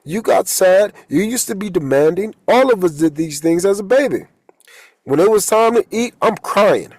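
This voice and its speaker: A man giving a casual, profane talk as a holistic coach and tarot reader, loose and quick to laugh at his own jokes. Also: high voice, animated, darkish tone, dry recording, rough recording.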